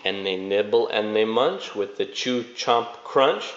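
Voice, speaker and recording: A father reading a bedtime storybook aloud to his children in a gentle, sing-song way, adding sound effects. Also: lowish voice, lively intonation, a little slow, few pauses. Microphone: phone. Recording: echoey room, dull phone recording.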